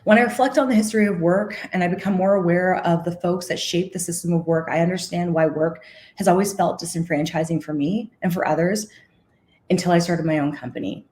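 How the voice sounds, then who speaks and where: A woman delivers a conference keynote earnestly and with passion, occasionally correcting herself and at times near tears. Her voice is fairly low and darkish, with fairly even intonation and a slightly quick pace.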